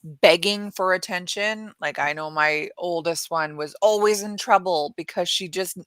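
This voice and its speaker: A woman in her thirties with an American accent, co-hosting a morning talk show in rambling, animated casual chat. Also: on the low side, a little slow, clear, resonant tone, no echo. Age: 30s.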